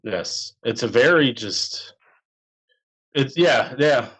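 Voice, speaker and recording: A man of middle pitch talks casually about a movie on a podcast, stopping and restarting his thoughts as he goes. His delivery is loose and conversational. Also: expressive, a bit bright, husky, low-quality recording. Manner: loose, halting chat with restarts. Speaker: podcast co-host. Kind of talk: casual film review chat.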